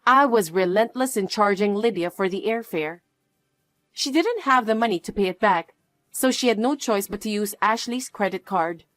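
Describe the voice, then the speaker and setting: A woman's voice: medium pitch, normal speed, fairly bright tone, no echo. A woman narrating a scripted first-person story in a cool, matter-of-fact way.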